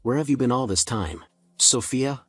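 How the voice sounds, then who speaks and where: Man doing a TV talk-show host for a story video, announcing in a slightly husky voice. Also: mid-range voice, normal speed, no room sound, soft background music, natural voice. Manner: announcing, presenter-like.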